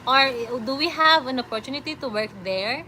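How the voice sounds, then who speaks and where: A woman's voice: high voice, expressive, brisk, sharp tone, a little hiss or hum. A woman with a Filipino accent chatting casually on a livestream, reading comments aloud and giggling often. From Philippines.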